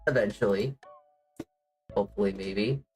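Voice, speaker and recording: A man's voice: on the low side, normal speed, a little mellow, slightly rough, low-quality recording. Rambling man chatting on a livestream. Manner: rambling, heavy on "like" fillers, self-deprecating. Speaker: VTuber streamer. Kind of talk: casual livestream chat. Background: faint music playing.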